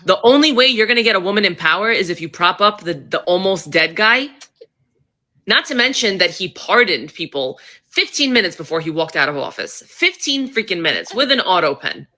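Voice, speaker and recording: A woman's voice: medium pitch, sing-song, fairly quick, sharp tone. A woman in her thirties giving heated political commentary, blunt and sarcastic, swearing freely. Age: 30s.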